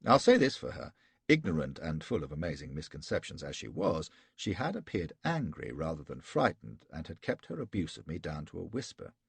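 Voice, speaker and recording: A man's voice: rumbling low, huge pitch swings, brisk, vocal fry, husky, dry recording. A man narrating an audiobook in the first person, in a wry, sardonic storytelling manner.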